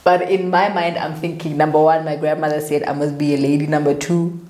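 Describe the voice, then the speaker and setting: A South African woman with a low, deep-set voice tells her story casually and with lively energy, slipping into the voices of the people she quotes. The room around her is noticeably echoey. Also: a little fast. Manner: animated, chatty, acts out others' lines. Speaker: vlogger.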